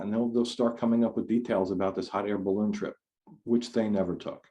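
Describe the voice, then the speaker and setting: A man's voice: fairly low pitch, fairly even intonation, normal speed, mellow, lo-fi sound. A man giving a conversational talk over a video call, rambling and restarting his sentences often. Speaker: speaker. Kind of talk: online forum talk.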